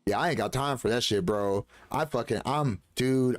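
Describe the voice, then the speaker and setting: A man live-streaming a game, talking casually and ranting heatedly with lots of swearing, sometimes mocking others in a shrill voice. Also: moderate pace, hardly any pauses.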